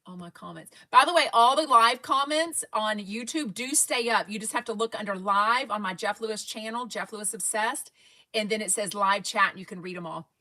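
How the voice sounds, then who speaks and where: Speaking with a Texan accent at a moderate pace, a woman hosts a casual fan livestream in a medium-pitched, pushed, bright voice. The Texas-born fan podcast host rambles, chats, and reads viewer comments aloud.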